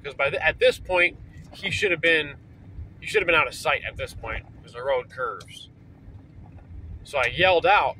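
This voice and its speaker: A man's voice: fairly high pitch, moderate pace, pauses often, bright, forceful tone, a little hiss or hum, low-quality recording. A man telling a story casually, rambling and swearing, with lots of fillers, recorded in a parked vehicle. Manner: rambling, profane, full of fillers. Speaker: vlogger.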